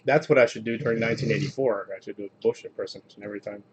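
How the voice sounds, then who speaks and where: A man hosting a casual video where he reads jokes aloud in a flat, deadpan delivery. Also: fairly low pitch, racing, muffled recording, a little hiss or hum. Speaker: host reading jokes on video. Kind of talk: casual joke reading.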